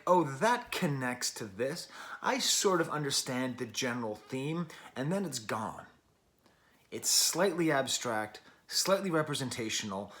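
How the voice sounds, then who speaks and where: A man hosting a music review show muses casually through his thoughts on an album, speaking in long strings of clauses. His voice is fairly high and fairly bright.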